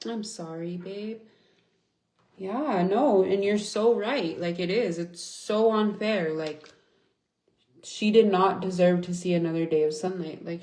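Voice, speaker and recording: A woman's voice: lowish voice, dark tone, echoey room. A young woman venting angrily and swearing in a casual livestream chat, reading and answering viewers. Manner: angry, venting, swears often. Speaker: livestream host.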